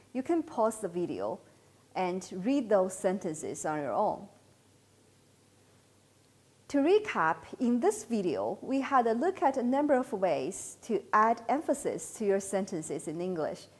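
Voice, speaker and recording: A woman giving a scripted English grammar lesson in a measured, explanatory way. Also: fairly high pitch, darkish tone. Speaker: English teacher.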